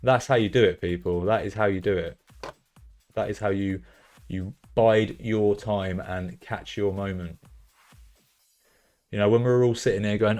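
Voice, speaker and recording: A young British man chatting casually on a live stream, reacting loudly to results and bursting into cheers and swearing. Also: fairly low pitch, fairly even intonation, a little slow, long pauses, soft background music. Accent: British English. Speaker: streamer hosting a fantasy football stream. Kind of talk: casual live-stream chat, reading out chat messages.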